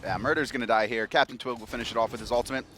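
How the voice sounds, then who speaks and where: Fast bright-voiced male game caster. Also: medium pitch, fairly even intonation, slight background noise. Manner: fast, joking, acts out players' chatter. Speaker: esports caster. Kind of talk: play-by-play commentary.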